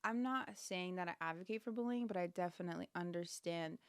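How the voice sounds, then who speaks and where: A young woman in her twenties from Jamaica, a model and actress chatting as a guest, playful and quick to joke. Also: lowish voice, smooth. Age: 20s. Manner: playful, jokey, quick to laugh. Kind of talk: casual chat.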